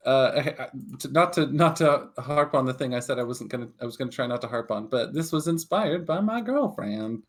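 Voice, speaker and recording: A man's voice: mid-range voice, expressive, a little fast, few pauses. A man narrating a tabletop game as game master, hesitant with many fillers.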